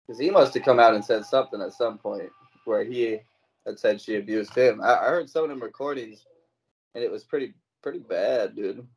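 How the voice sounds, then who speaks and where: Young male co-host, mid-pitched, blunt, swears freely. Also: normal speed, a little hiss or hum, rough recording. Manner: blunt, swearing, asks questions. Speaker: podcast co-host. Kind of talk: casual chat.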